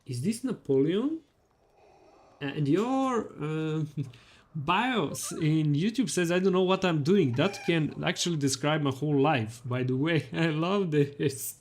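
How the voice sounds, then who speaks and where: A man's voice: fairly high pitch, lively intonation, takes it slowly. Cheerful chatty male game streamer. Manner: cheerful and chatty, greets viewers warmly, often laughs. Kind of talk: live gameplay stream, reading chat aloud.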